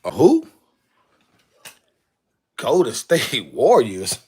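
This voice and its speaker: A man's voice: mid-range voice, huge pitch swings, drawn-out words, darkish tone, breathy edge. A man chatting casually on a live stream, exclaiming to himself as he goes through jerseys. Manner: drawling, exclaiming to himself while sorting jerseys.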